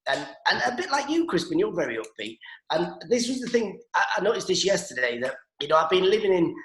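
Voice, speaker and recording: Excitable northeast england guy doing comedy bits on zoom, higher voice, echoey room. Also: fast talker. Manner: animated, excitable storytelling. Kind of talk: stand-up style chat on a video call. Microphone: video call.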